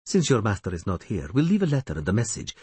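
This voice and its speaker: A man's voice: fairly low pitch, huge pitch swings, fast, darkish tone, husky, no echo, exaggerated voice. A man doing a hissing half-elf assassin. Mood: menacing. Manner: hissing, cold. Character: tall male half-elf assassin, cold and menacing.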